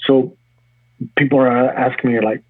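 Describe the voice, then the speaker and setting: In an interview, a man who runs a gym and coaches fitness talks casually and energetically, frequently restarting his sentences in quick bursts. His medium-pitched voice is husky, and the dry recording sounds tinny, like a phone line.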